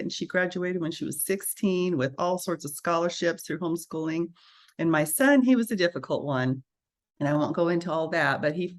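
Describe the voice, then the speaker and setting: A woman, a registered nurse, telling her story as a guest in a casual interview, animated and acting out the voices she quotes. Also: low voice.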